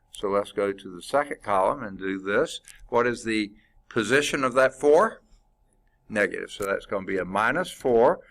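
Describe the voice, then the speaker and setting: Male math teacher, lower voice, relaxed lecture delivery, works problems aloud and quizzes the class. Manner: informal and chatty, with asides. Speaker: math instructor.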